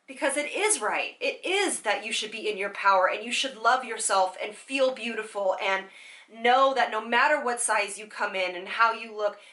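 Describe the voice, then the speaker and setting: Young woman, bright clear voice, candid halting vlog talk, tearful. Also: medium pitch. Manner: candid, halting, many fillers. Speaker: vlogger. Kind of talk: emotional personal vlog.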